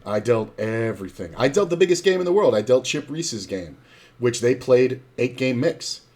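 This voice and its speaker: A man's voice: medium pitch, animated, normal speed, a little mellow. A middle-aged man who streams, telling casual, rambling poker stories with plenty of swearing and acted-out quotes.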